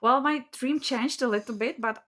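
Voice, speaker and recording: A woman's voice: high-pitched, moderate pace, bright, forceful tone. Giggly Czech-accented young woman. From Czech Republic. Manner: giggly, hesitant with fillers. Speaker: podcast guest. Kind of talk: casual interview chat.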